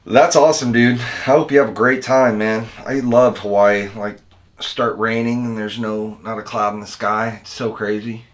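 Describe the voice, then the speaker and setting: This American channel host and video editor has a lowish, steady voice and talks at a moderate pace. During a casual livestream, he rambles easily with his viewers, tossing out dude and man as he goes.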